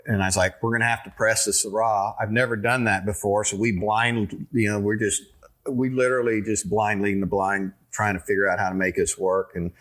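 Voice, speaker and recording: A man, a winery owner telling a rambling story in a casual interview, full of fillers and restarts. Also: fairly low pitch.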